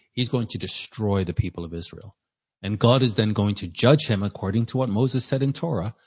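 A man's voice: lowish voice, a little mellow, husky. A man teaching a sermon, reading scripture and retelling it in everyday words with conversational asides. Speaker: preacher. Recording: dull lo-fi sound.

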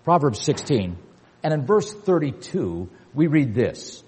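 An older man preaching a sermon with emphasis, repeating key words and building to forceful peaks. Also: medium pitch, sing-song, a little slow, slight background noise. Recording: long hall reverb.

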